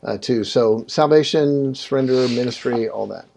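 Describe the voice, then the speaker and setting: A man's voice: mid-range voice, moderate pace, vocal fry, darkish tone. Male podcast host asking questions. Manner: conversational, prompting with short questions. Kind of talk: interview.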